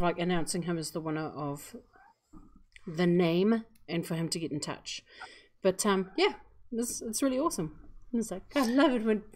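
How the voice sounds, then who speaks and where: A woman from New Zealand co-hosting a live stream, speaking in a relaxed, agreeable way. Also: fairly low pitch. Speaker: livestream co-host. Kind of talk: casual live-stream chat.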